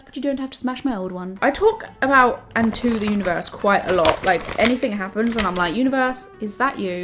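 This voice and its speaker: A young woman in her twenties chatting through a get-ready-with-me vlog at home, bubbly and self-mocking, often addressing the universe. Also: on the high side. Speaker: vlogger. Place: home, indoors. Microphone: camera mic.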